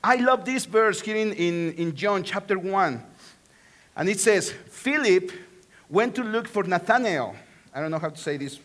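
Mexican-accented pastor, high voice, sermon, animated and joking. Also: male voice, moderate pace. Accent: Mexican Spanish. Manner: animated, swings from hushed to excited, joking asides.

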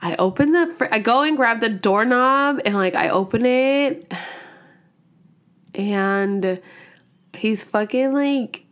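A woman's voice: on the high side, takes it slowly, long pauses, a bit bright. A woman hosting a podcast, telling a personal story in a casual, rambling way, full of slang, swearing and "like" fillers. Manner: rambling, profane, heavy use of "like" fillers; slang-filled, laughs when nervous. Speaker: podcast host.

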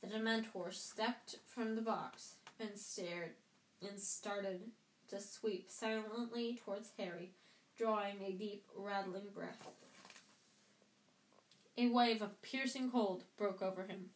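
A woman's voice: mid-range voice, steady tone, measured pace, a little hiss or hum. A woman reading a novel aloud casually at home, sometimes stumbling and rereading lines. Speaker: audiobook reader. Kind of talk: amateur book reading. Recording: roomy echo.

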